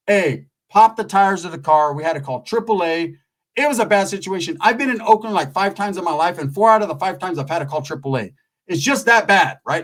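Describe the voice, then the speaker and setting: A man telling a rambling street story in a profane, animated way, tagging his lines with "right?". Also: fairly high pitch, brisk, rough recording.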